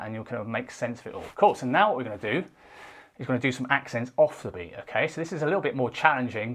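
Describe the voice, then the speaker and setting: A man teaching a casual guitar lesson, talking in a relaxed way and counting beats out loud while he strums. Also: medium pitch. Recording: faint guitar playing behind.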